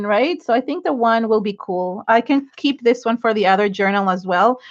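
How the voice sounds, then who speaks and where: A middle-aged woman chats her way through an art journaling livestream, restarting her sentences and gushing thanks at her viewers. She sounds teary and near crying, with a fairly high voice. The audio is dull and lo-fi. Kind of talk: casual livestream chat while crafting.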